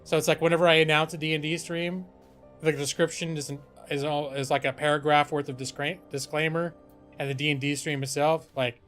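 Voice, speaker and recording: A man's voice: a little high, little pitch movement, fairly quick, a bit bright, faint music behind. Chatty man streaming a game. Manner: rambling, chatty, self-deprecating. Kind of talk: casual gaming stream commentary.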